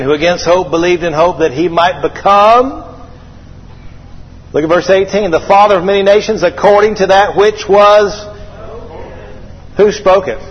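A man preaching a sermon to a congregation, lively and joking, calling out for amens. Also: fairly high pitch, a little hiss or hum. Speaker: pastor. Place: church hall. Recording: echoey, slightly dull church hall recording.

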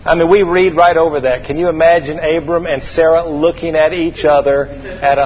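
A man preaching a sermon to a congregation, lively and joking, calling out for amens. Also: a little high, brisk, hardly any pauses. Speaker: pastor. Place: church hall. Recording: echoey, slightly dull church hall recording.

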